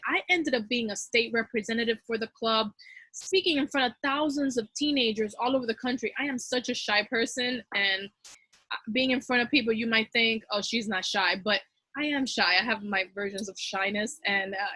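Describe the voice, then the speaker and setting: Woman teacher chatting fast w fellow teachers, bright voice, dry close sound. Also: fairly high pitch, husky, dry recording. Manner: fast-talking, chatty, with frequent fillers. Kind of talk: casual talk giving advice to fellow teachers.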